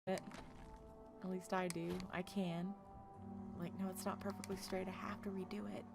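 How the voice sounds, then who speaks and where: A woman's voice: on the low side, little pitch movement, moderate pace, over music. A woman from Oklahoma streaming a game, chatting casually with her viewers, laughing often and talking earnestly about her feelings. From Tulsa, Oklahoma.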